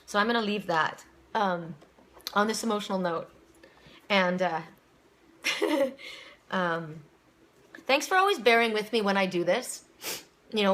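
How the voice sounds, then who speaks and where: A woman's voice: on the low side, fairly bright tone. A woman giving a casual, rambling spoken oracle reading, repeating her words and near tears at times. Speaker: psychic reader. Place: home, seated.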